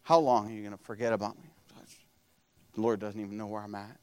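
A preacher voicing a grumbling man who mutters complaints under his breath in a low, mumbling growl. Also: fairly even intonation, brisk, clean tone, natural voice.

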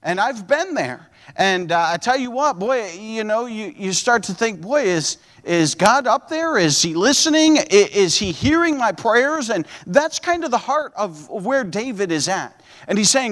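A man's voice: high voice, big pitch swings, unhurried, a bit bright, long reverb tail. A man preaching a sermon as pastor, earnest and fervent, often repeating and restarting his words.

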